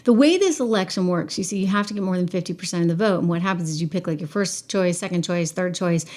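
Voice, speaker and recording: Animated woman hosting political commentary. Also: fairly low pitch, fast talker. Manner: animated and emphatic, with frequent restarts and asides to viewers. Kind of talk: casual political commentary livestream.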